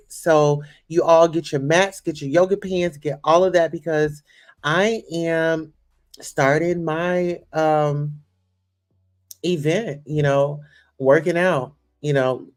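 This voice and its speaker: A young woman hosting a casual livestream chat, effusive and gushing, full of "you know" and "listen here.". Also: sits low. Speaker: host.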